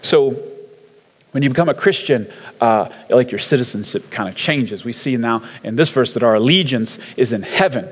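A man's voice: mid-range voice, expressive, moderate pace, slightly rough, big-room sound. A man giving a casual, conversational sermon, chatting through song lyrics and scripture with fillers and easy laughs.

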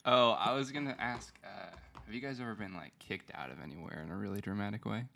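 A podcast guest asking hesitant questions full of fillers in casual chat. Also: male voice, on the low side, fast talker, creaky, pushed and bright.

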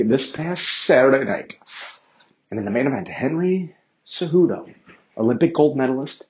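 A man talking alone into the mic as host of a casual sports podcast. He rambles, circles back and swears often. His pitch sits mid-range for a man, and he mocks his own slips as he talks. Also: low-quality recording. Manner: rambling, profane and self-mocking; chatty, with many fillers and restarts. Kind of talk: casual solo commentary.

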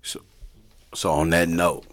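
A man's voice: low-pitched, level tone, takes it slowly, fairly bright tone. A man hosting a casual podcast interview, asking short questions. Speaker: host.

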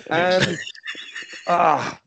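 A man on a podcast quiz, jokey and animated, thinking out loud as he hunts for answers. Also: high-pitched, extremely slow, creaky, dry recording, highs cut off. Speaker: podcast guest. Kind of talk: casual banter.

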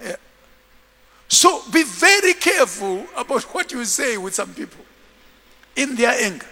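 A man preaching a sermon as a bishop, telling stories in an animated way and acting out the scenes. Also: very high voice, a little slow, gravelly, in a large hall.

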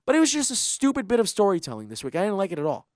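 Animated, fired-up podcast co-host. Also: mid-range voice, racing, no echo, clean studio sound. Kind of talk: casual wrestling podcast chat.

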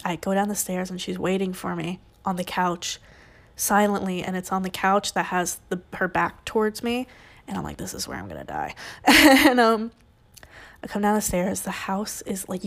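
A woman's voice: lowish voice, gravelly, a bit bright. A young woman on a podcast telling a personal story in an emotional, rambling way, often restarting her sentences.

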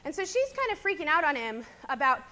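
Young woman teacher, high voice, bright tone, giving a chatty church talk. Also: fast. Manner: chatty, animated storyteller. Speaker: teacher speaking to a church audience. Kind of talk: personal sermon-style talk.

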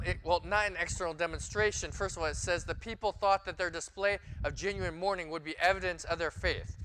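A man's voice: a little high, bright, forceful tone, slight background noise, low-quality recording. A man preaching a sermon in a conversational way, talking to his congregation. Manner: conversational, asks the congregation questions. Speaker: pastor.

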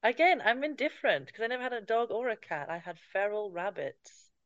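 A woman's voice: fairly high pitch, sing-song, brisk, a bit bright, no echo. A woman co-hosting a podcast in casual chat, with dry wit and frequent laughs. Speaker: podcast co-host. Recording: dull, very dry sound.

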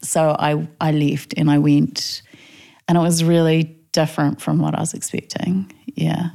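Kiwi lady in an interview, candid, does the voices when quoting people, bit low pitched. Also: moderate pace, vocal fry. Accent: New Zealand. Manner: candid, animated quoting, laughs often. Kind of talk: casual personal storytelling.

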